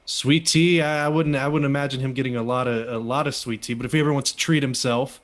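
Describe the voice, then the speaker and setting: A man's voice: medium pitch, fairly even intonation, fast talker. Male co-host, casual joking chat with frequent laughs, plain everyday voice. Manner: jokey, laughs often. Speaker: co-host of a wrestling review show.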